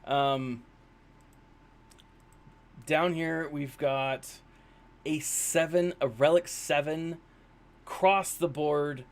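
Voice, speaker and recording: A man live-streaming a mobile game, chatting loosely to his viewers. He rambles and often makes fun of himself, with plenty of ums and uhs. His voice sits a little higher than most men's. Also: fairly even intonation, drawn-out words, long pauses. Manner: chatty, rambling, with many fillers; self-deprecating. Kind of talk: casual live-stream commentary.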